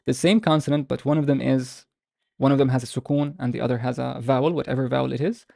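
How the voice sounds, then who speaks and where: Male language teacher on a video call, gravelly mellow voice, dry close sound, patient and explanatory, drags out example words. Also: mid-range voice, steady tone, dry recording. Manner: explanatory, with frequent restarts and drawn-out example words. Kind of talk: online language lesson.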